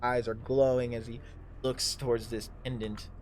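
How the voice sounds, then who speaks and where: A man narrating a tabletop game livestream as dungeon master, improvising in a halting way. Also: medium pitch, level tone, a little hiss or hum.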